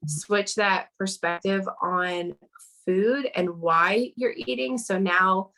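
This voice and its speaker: A woman's voice: mid-range voice, slow pace, bright, forceful tone, rough recording. Chatty woman talking earnestly. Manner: earnest, chatty, many fillers and restarts. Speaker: guest. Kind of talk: casual conversational interview. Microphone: video call.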